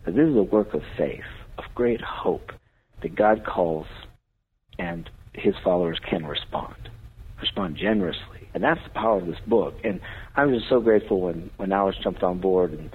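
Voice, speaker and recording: Low husky priest talking faith on a radio show, earnest and preachy, sounds like a phone line. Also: male voice, animated, moderate pace. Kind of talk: radio talk show discussion.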